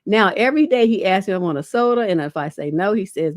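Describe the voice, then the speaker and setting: Speaking quickly and with animation in a medium-pitched voice, this middle-aged relationship coach reads out viewers' questions on her livestream and gives blunt, casual answers full of "you know." A lingering cough comes through. The audio is clean studio quality with no echo.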